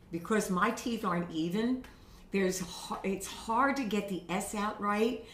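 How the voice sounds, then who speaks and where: A woman's voice: mid-range voice, a little slow, fairly bright tone, recorded from a distance. A woman vocal coach giving casual, encouraging voice tips to camera, often checking in with "okay?". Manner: chatty and encouraging, frequent "okay?" check-ins. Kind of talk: instructional talk to camera. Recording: roomy echo.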